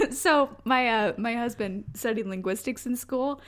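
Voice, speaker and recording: A young woman co-hosting a casual podcast chat, animated and quick to laugh. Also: fairly high pitch. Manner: giggly, animated storyteller. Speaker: podcast co-host.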